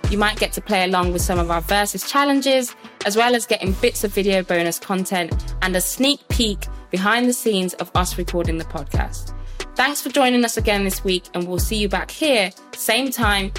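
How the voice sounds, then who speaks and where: A woman's voice: mid-range voice, normal speed, fairly bright tone. A woman host delivering a scripted podcast outro in an upbeat, polished way. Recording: music bed clearly behind.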